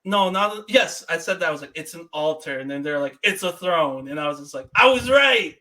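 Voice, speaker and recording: A man's voice: on the high side, a little fast. A man co-hosting a podcast, animatedly retelling a movie scene by scene. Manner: animated retelling with laughs and quoted reactions. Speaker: podcast co-host. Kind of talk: casual movie review chat.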